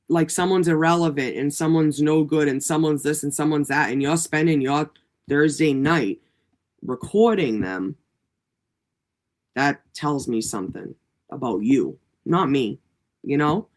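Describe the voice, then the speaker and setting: A woman hosting a livestream, ranting in a profane, indignant and rapid way at her critics. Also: sits low. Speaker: livestream host. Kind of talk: heated livestream rant.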